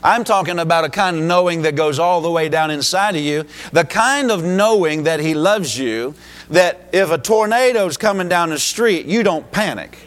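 A man from the United States delivers a sermon as pastor, his voice sitting high. He preaches emphatically, pushing his lines up into exclamations. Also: lively intonation, moderate pace, a bit bright.

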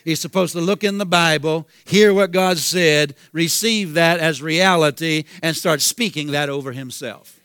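A man's voice: a little high, a little slow, a bit bright, clear, resonant tone, no echo, clean studio sound. A man preaching a sermon with a Southern US accent, fervent and repetitive, calling out hallelujah. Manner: fervent, repeats himself, calls out hallelujah.

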